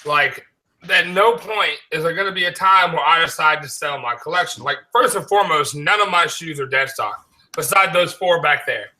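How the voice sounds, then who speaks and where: A man hosts a laid-back sneaker podcast with a very bright, ringing tone. His voice sits a bit high, and he talks loosely, cursing and joking with his co-hosts. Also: moderate pace, low-quality recording. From American South. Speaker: podcast host. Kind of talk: casual chat.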